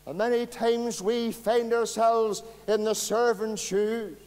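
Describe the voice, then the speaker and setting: A man preaching a sermon as pastor, swinging between loud impassioned passages and quiet low ones. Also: level tone, slow pace. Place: church hall. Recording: long hall reverb.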